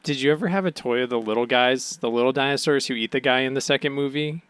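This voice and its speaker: A man co-hosting a podcast, pitching goofy what-if ideas in a loose, rambling way. His voice sits in a middle pitch, recorded dry and close. The chat stays light and playful throughout. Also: fast talker, a bit bright, clean tone, no echo. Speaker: podcast co-host. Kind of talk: casual chat.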